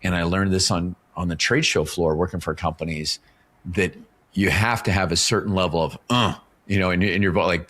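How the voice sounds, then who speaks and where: A man's voice: sits low, fairly even intonation, normal speed, a bit bright. A middle-aged man, a guest talking casually in an interview and explaining ideas through stories, often tagging his points with "right?". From Canada. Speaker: author and professional speaker, podcast guest.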